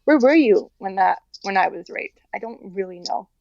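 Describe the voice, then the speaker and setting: Earnest woman guest, halting and candid. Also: medium pitch, expressive, creaky, darkish tone, no echo, highs cut off. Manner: earnest, talks in halting restarts with many likes. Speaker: interview guest. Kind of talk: candid personal interview.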